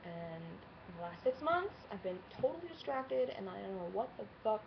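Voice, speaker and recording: A woman's voice: medium pitch, big pitch swings, normal speed, gravelly. A woman in her twenties talking candidly to camera in a casual vlog, swearing freely and laughing often. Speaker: vlogger. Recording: slightly dull lo-fi webcam sound with faint hiss.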